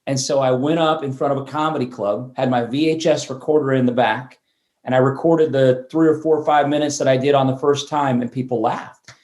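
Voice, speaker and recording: A man's voice: medium pitch, fairly quick. Chatty man telling stories in a roomy echo. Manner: animated storyteller who restarts words mid-sentence. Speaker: guest. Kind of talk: storytelling interview chat.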